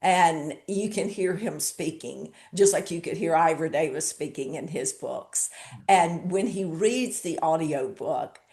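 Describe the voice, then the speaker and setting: A woman hosting an interview show, chatting with enthusiasm and warm praise for her guest. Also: deep voice, unhurried. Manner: enthusiastic, gushing. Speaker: host. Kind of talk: casual interview chat.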